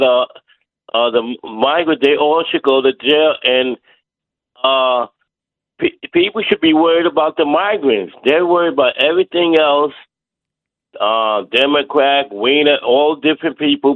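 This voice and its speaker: A man's voice: a little high, no room sound. A man calls in to a talk radio show and rambles along, plainspoken and hesitant. His voice comes through a tinny, phone-like line. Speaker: caller. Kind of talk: call-in radio chat.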